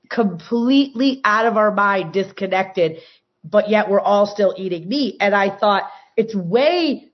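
A woman telling long, animated stories from her farm in casual talk, with many restarts. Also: mid-range voice. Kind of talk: casual storytelling. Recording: dull, muffled sound.

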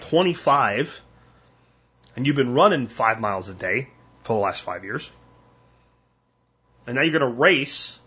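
An older man hosting a solo podcast, talking bluntly and emphatically in warning tones, with a husky voice. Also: mid-range voice, a bit bright, muffled recording. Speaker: podcast host.

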